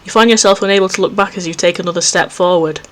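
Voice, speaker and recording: Male let's play host, reads horror game narration aloud, easily spooked, quick self-mocking asides. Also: high-pitched, steady tone. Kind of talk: reading a visual novel aloud with commentary. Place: home recording setup.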